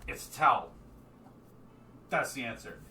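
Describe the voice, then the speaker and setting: A man voicing a loud, blustering, dismissive drunk male tavern patron. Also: medium pitch, a little slow, echoey room, distant mic. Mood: blustery.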